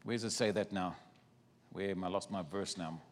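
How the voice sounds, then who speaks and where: A man preaching a sermon, retelling a scripture story with animated, acted-out voices and asides. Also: low voice, normal speed, long reverb tail.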